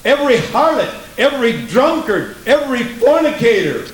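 High voiced preacher guy, punchy repeated lines, echoey church room. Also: lively intonation, a little slow. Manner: emphatic, repeats lines, asks the congregation questions. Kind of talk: sermon.

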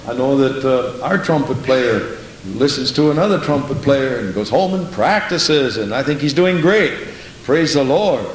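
A man's voice: medium pitch, reverberant, a little hiss or hum, low-quality recording. A man teaching a Sunday school lesson in church, exhorting and repeating his phrases in a sermon style. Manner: exhorting, repeats phrases, says "Praise the Lord".

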